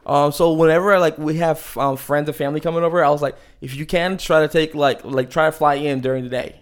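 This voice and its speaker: A man's voice: a little high, fairly even intonation, brisk, smooth. A man in his thirties from Maryland, a podcast guest chatting casually with many fillers and laughs. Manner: rambling, lots of fillers and laughs. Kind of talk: casual interview chat.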